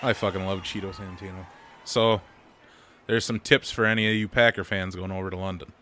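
A man's voice: sits low, steady tone, a little fast, crowd noise, noisy background. A man co-hosting a casual podcast, laughing and swearing freely. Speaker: podcast co-host. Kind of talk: casual chat.

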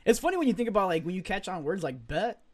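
A man's voice: sits high, sing-song, quick pace, a crowd in the background. A man chatting casually with friends, teasing and laughing. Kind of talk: casual group chat.

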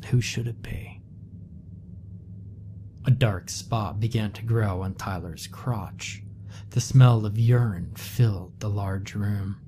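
A man narrating a horror story in a slow, measured, somber scripted read. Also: fairly low pitch, mellow, slight background noise. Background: faint music.

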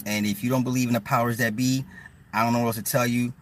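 A man's voice: mid-range voice, little pitch movement, fast, distant mic, slight background noise. A man ranting bluntly and profanely on a casual livestream from his car, often repeating words as he talks to his viewers. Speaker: livestream host.

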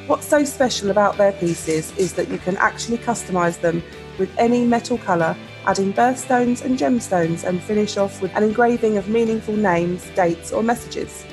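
A woman co-hosting a podcast, reading a sponsor ad at a steady, measured pace. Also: mid-range voice, music in the background. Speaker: podcast co-host. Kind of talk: scripted ad read.

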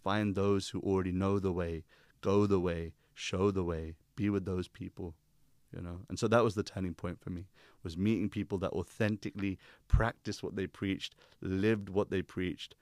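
Young man, podcast guest, very low voice, measured explainer, dry sound. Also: no room sound. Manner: calm, teacherly, uses analogies. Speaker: guest, spiritual speaker. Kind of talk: reflective conversation.

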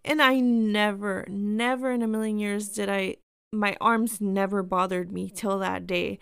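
A woman's voice: mid-range voice, fairly even intonation, unhurried, vocal fry, smooth, no room sound, clean studio sound. A woman in her thirties casually telling personal stories, chatty and full of fillers, acting out the people she quotes. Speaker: storyteller.

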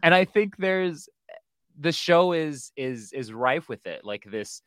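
A woman co-hosting a casual recap podcast, animated and acting out quotes. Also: low-pitched, slow pace, dry recording, clean studio sound. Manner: animated, restarts sentences, acts out quotes. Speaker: podcast co-host.

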